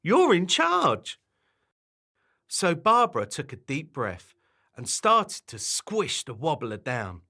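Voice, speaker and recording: A man reading a children's bedtime story aloud, in an animated and expressive way. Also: mid-range voice, unhurried.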